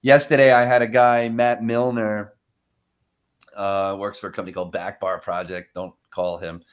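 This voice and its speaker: A man chatting casually on a podcast about cold calls, animated, laughing often and acting out phone calls in quoted voices. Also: on the low side, normal speed. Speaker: sales development rep.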